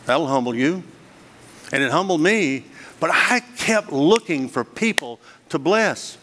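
A man's voice: on the high side, animated, unhurried, a bit bright, slight background noise. A middle-aged man giving a guest sermon, telling his story earnestly and dramatically, with many rhetorical questions. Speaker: guest speaker. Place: church hall. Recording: long reverb of a hall.

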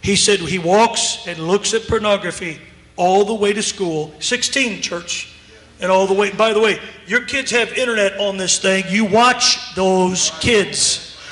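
In an echoey church hall with long reverb, a man preaches at a moderate pace, his voice sitting high and a bit bright. He emphatically recounts a story and performs both halves of a conversation.

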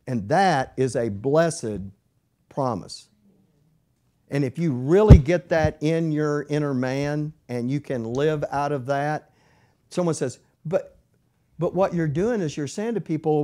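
A man's voice: on the high side, unhurried, mellow. A man teaching a Bible study lesson in a conversational manner that rises to emphatic preaching.

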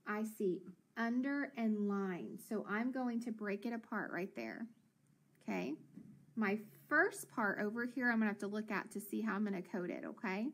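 A woman teacher leading a children's phonics lesson, encouraging and sounding out words slowly. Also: medium pitch, slight background noise.

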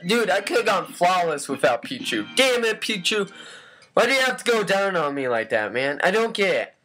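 A man giving live commentary over his own gameplay, excitable and prone to yelling and raging when things go wrong. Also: high voice, moderate pace. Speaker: let's play gamer. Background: loud game music.

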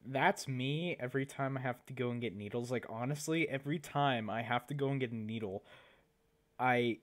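Rambling teenage guy reacting to clips. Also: mid-range voice. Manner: rambling, chatty, laughs at own jokes. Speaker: YouTuber reacting to videos. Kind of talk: casual reaction commentary.

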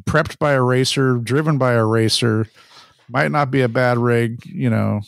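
A married man co-hosts a podcast in an easygoing drawl. His voice is gravelly at mid pitch and sounds dry and close. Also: measured pace, no room sound. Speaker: podcast co-host. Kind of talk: casual chat.

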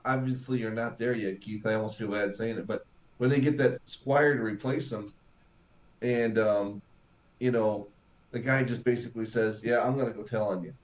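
A man's voice: on the low side, normal speed. A man co-hosting a casual podcast chat, retelling scenes and acting out the characters' lines. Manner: animated, acts out quotes. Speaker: podcast co-host.

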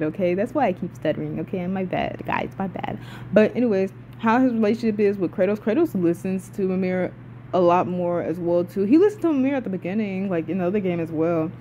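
A young woman excitedly reviewing video game characters in a casual, rambling, profane way, often cutting herself off mid-sentence. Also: on the low side, dull audio, a little hiss or hum. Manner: excitable, rambling and profane, with frequent swearing and self-interruptions.

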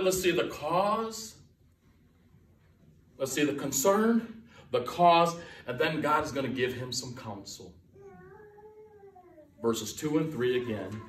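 A man's voice: a little high, a bit bright. A man preaching a sermon as guest pastor, emphatic and folksy, repeating his key lines for weight. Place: church sanctuary. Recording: echoey church from far off.

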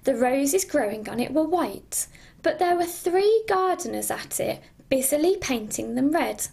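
A middle-aged woman reads a storybook aloud like a teacher, lingering over each phrase at an unhurried pace. Her high voice rises and falls with lively expression, with a touch of gravel at the ends of lines. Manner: expressive, does character voices. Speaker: primary school teacher reading aloud. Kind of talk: storybook reading.

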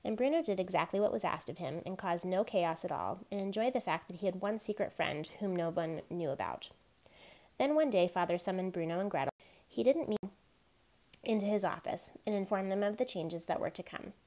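A woman reads a novel aloud, chapter by chapter. Her narration is steady and even. Her voice sits a little low. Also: fairly quick. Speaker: reader.

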